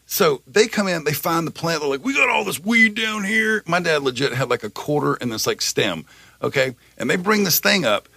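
A man's voice: on the high side, animated, a little fast, gravelly, fairly bright tone, slightly rough, no echo. A man from Georgia hosting a podcast, telling a rambling, profane story in casual chat. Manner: rambling, profane, lots of fillers. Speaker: podcast host.

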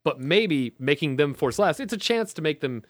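An excitable man talking about a tabletop war game on a podcast. His pitch swoops widely as he works through ideas. The sound is dry and close. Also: moderate pace, no room sound. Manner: excitable, animated, swears casually. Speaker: podcast co-host. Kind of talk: casual tabletop gaming chat.

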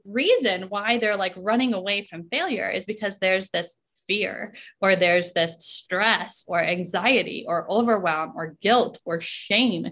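On a relaxed podcast, a woman coach chats at a medium pitch, often checking in with "right?" and laughing between her points.

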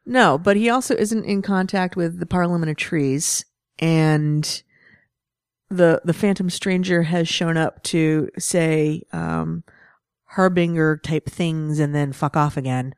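A woman with a notably low voice co-hosting a relaxed comic book discussion. She is chatty and laughs often, and her voice sounds dry and close with no room echo. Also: slow, clear, resonant tone. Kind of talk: casual comic book review chat.

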